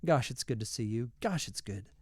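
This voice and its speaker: A man's voice: mid-range voice, expressive, normal speed, husky, no room sound, clean studio sound. Man doing an eager young crewman. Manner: eager, pleading.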